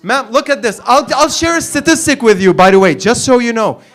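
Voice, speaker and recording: Animated man doing brash stand-up. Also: very high voice, brisk. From Arab world. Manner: brash, crude, rambling and animated. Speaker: stand-up comedian. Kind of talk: stand-up comedy set. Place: comedy club stage, audience laughter.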